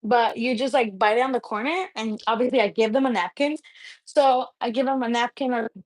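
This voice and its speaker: A woman's voice: fairly high pitch, a little fast, no echo, low-quality recording. A young woman and mother chatting casually with viewers on a home livestream, rambling and filling her talk with "like". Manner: rambling and chatty, heavy use of "like". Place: at home indoors.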